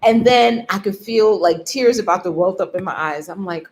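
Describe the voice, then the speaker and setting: A woman's voice: medium pitch, moderate pace, hardly any pauses, a little hiss or hum. A woman vlogger telling a story in a casual way, laughing often and acting out what she told herself. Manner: animated, laughs often, acts out her own inner voice.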